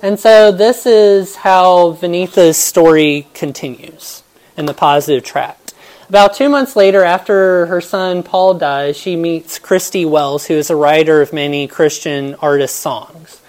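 A woman's voice: lowish voice, unhurried, a little mellow. A woman giving a devotional Bible talk, telling stories in an earnest, reflective way.

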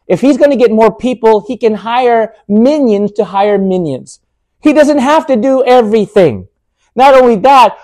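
A man preaching a sermon, emphatic and full of rhetorical questions, slowing down to stress his points. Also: high voice, a little mellow.

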